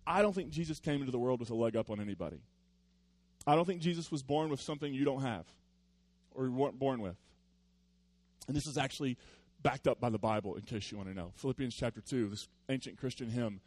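Male pastor, mid-pitched, chatty sermon delivery, jumps from loud bursts to hushed earnest points. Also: quick pace, no room sound. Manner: conversational, storytelling, with playful asides; swings from loud animated bursts to quiet earnest tones.

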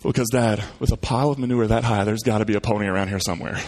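Storybook kid voiced by a male pastor: optimistic boy, earnest and patient, voice kept fairly low. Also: fairly even intonation, very fast, a little mellow, natural voice. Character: cheerful optimistic boy, eager.

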